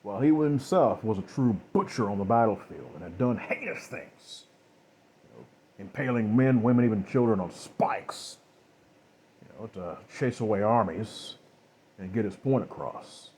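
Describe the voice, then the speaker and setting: A man narrating a dark story in a loose, rambling way, with restarts and asides. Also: lowish voice, animated, moderate pace, slight background noise.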